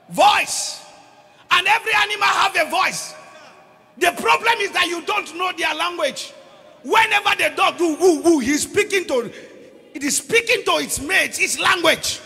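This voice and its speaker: A man preaching a fervent sermon, shouting and repeating lines in a sing-song cadence. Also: extremely high pitch, unhurried, gravelly, big-room sound, a faint crowd.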